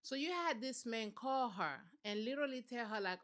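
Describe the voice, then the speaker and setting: A woman hosting a commentary vlog, telling the story in a sassy, animated, colloquial way. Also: on the high side, moderate pace, few pauses. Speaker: commentary channel host.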